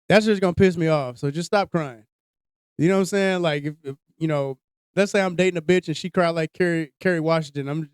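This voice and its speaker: A man's voice: high-pitched, clear, resonant tone, no room sound, studio quality. Blunt, profane man telling a story. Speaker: podcast host. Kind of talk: casual chat.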